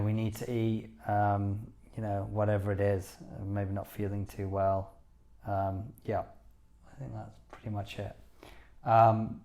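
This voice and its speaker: A man's voice: fairly low pitch, dark tone. A man co-hosting a podcast, chatting casually and enthusiastically with lots of "you know"s. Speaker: podcast co-host. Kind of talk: casual chat.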